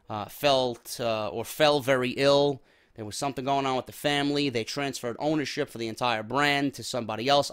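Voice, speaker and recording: A man's voice: medium pitch, fairly bright tone, clear, resonant tone. A man hosting a wrestling show on YouTube, talking casually in a loose, rambling way, with restarts and casual swearing. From New York.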